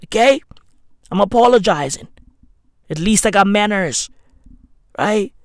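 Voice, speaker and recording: Slow and slangy, this high-voiced man from London sounds animated as he delivers a profane comedic monologue with sardonic mock apologies. He's a comedian and podcaster, and the new studio microphone gives a dry recording.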